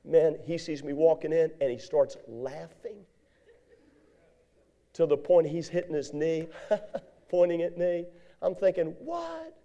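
Gravelly, dark-voiced man preaching. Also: unhurried, pauses often, dull audio. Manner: animated storytelling with sudden high-pitched outbursts. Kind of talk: storytelling sermon.

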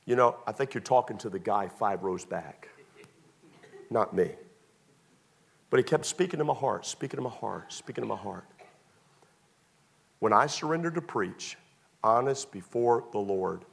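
A male pastor preaching a sermon through personal stories, swinging between loud excited bursts and hushed confessions. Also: lowish voice, measured pace, vocal fry, long pauses.

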